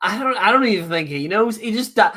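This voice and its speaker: A man's voice: sits high, animated, fairly quick, pushed and bright. A young man co-hosting a podcast, chatting casually and profanely, laughing as he rambles through a story. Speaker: podcast co-host. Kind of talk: casual chat, ranting about wrestling.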